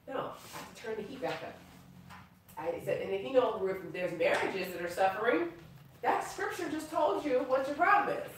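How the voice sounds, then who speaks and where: A woman leads an informal Bible class with lively, playful energy, laughing and calling out to her listeners as she reads. Her voice sits in the middle range and rings through a big reverberant room, caught from a distance by the mic, with a faint hiss under it. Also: sits high. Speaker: prophetess teaching a class. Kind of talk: casual Bible teaching. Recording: echoey room recorded from far off.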